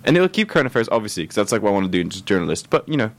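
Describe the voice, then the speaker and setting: Fast-talking young man hosting. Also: fairly low pitch. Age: young adult. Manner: fast, joking, animated. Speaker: student radio host. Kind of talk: casual chat.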